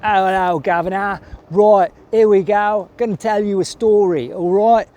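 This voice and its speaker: A man's voice: high voice, steady tone, a little slow, darkish tone, lo-fi sound. A man doing a put-on Cockney accent as a boisterous middle-aged gangster storyteller, theatrical and slangy. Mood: swaggering.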